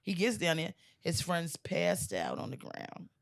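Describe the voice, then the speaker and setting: Animated woman comedian in her forties. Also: lowish voice, unhurried, gravelly. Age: 40s. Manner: animated storyteller who laughs often. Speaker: comedian guest. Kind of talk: casual podcast chat and joke telling. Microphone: studio mic.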